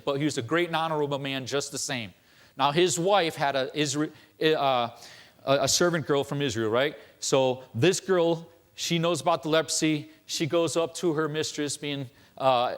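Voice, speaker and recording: A man's voice: a little high, a bit bright. A man giving a sermon as a church elder, telling stories conversationally and tossing in rhetorical questions.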